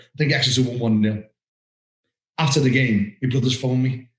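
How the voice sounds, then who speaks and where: A man co-hosting a casual referees' podcast, telling anecdotes with lively mimicry. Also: mid-range voice, normal speed, long pauses. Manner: animated anecdote-telling with mimicked voices and laughter. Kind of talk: casual chat, storytelling. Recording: roomy echo.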